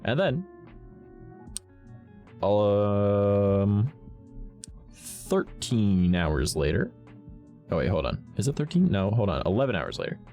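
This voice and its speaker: A man's voice: very animated, takes it slowly, long pauses, warm tone, soft background music. A man, a streamer telling a story to his chat in a blunt, profane, ranting way. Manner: blunt, profane, ranting with big swings in pitch.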